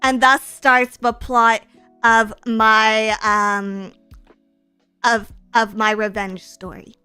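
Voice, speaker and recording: Woman streamer, bright and sharp-toned, excitable and playfully sarcastic while reading donations. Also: a little high, drawn-out words, clear, resonant tone, soft background music. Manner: giggly, excitable, bursts into shrieking laughs. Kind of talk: casual live-stream chat.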